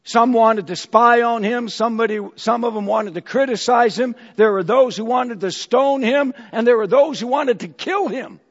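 A man's voice: extremely high pitch, normal speed, few pauses. A man preaching a sermon and telling a story, acting out the voices of its characters. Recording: dull hall echo.

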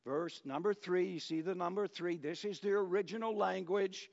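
A man preaching a sermon as pastor, in an unhurried storytelling manner that works in jokes. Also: high-pitched, vocal fry. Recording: dull lo-fi church recording with long reverb.

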